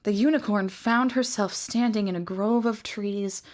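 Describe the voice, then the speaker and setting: A woman reading a fantasy novel aloud in a measured, expressive storytelling manner. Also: mid-range voice. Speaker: reader.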